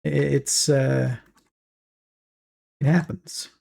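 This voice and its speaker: A man with a South African accent, Afrikaans being his native tongue, chats on a livestream and reads messages aloud, sounding fatigued after a long session. His medium-pitched, steady voice is mellow and slightly rough, with vocal fry, and he meanders with stalled restarts and many chuckles.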